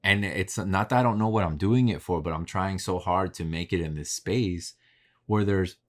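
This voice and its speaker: A man's voice: sits low, moderate pace. A man hosting his own podcast, talking casually and candidly about his work, swearing freely as he reflects on himself. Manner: candid, profane, self-reflective. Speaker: podcast host. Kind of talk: casual solo podcast monologue. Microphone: podcast mic facing camera.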